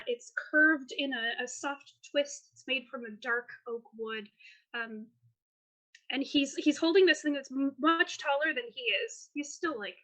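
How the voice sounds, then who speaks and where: Bright, high-voiced woman game master. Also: rough recording. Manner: animated, quick descriptive narration with fillers. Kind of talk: narrating a tabletop game.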